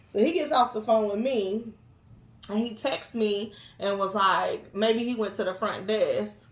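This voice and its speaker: A woman telling her side of a story in casual chat, lively and chiming in with emphatic quotes. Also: medium pitch, a little slow. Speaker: co-host. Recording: echoey room.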